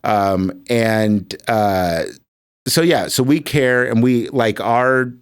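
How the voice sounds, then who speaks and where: A middle-aged man as a guest on a podcast, talking in a reflective way with frequent uh and um pauses. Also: mid-range voice, clear, resonant tone. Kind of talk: casual chat.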